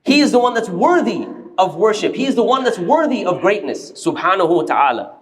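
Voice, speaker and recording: A man giving a Friday sermon in a mosque, telling a story in an animated way and acting out the quoted voices. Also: high-pitched, a little fast.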